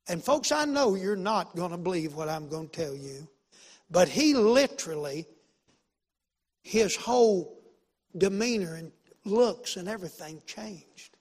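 High-voiced preacher in a reverberant hall. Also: male voice, expressive, unhurried, husky. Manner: folksy, emphatic, repeats phrases, swings from loud to hushed. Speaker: pastor. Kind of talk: sermon storytelling.

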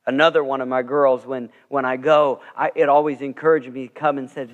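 A man's voice: mid-range voice, flat delivery, a little fast, dull audio. A man preaching a sermon as pastor, telling stories earnestly and swelling with emphasis. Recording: long reverb of a large sanctuary.

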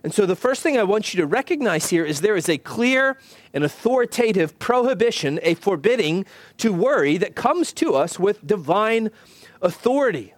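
A pastor preaching a sermon in an earnest, measured way, slowing down to stress key phrases. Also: male voice, high voice, sing-song, no room sound. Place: church.

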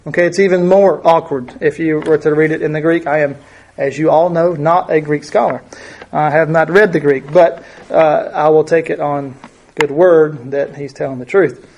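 A man's voice: a little high, steady tone, moderate pace, darkish tone. A man teaching a Bible study lesson, reading verses aloud and explaining them in a conversational way, with many fillers and rhetorical questions.

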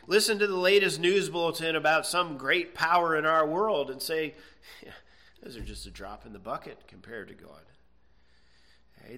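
A man's voice: a little high, bright, forceful tone. A man preaching a sermon, earnest and emphatic, stretching out key words and checking in with "okay?". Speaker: pastor.

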